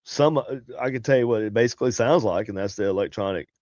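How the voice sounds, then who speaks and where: A man co-hosts a podcast in rambling, profane, easygoing chat. His voice sits at an ordinary pitch. The dry mic sounds slightly muffled. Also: fast talker, a little mellow, no room sound. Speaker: podcast co-host. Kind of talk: casual chat.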